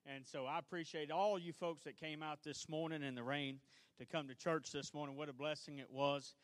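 A guest preacher and assistant pastor from North Louisiana opens a folksy sermon at a live service in a church sanctuary. His higher male voice is steady and fairly quick, with no room sound, and his manner is chatty and self-deprecating, full of homespun asides.

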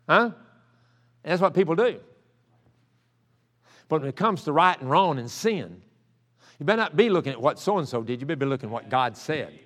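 High-voiced older preacher. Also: male voice, very animated, brisk, long pauses, sharp tone. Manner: folksy storytelling that builds to impassioned preaching. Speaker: pastor. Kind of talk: sermon. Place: church sanctuary. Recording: reverberant church sanctuary.

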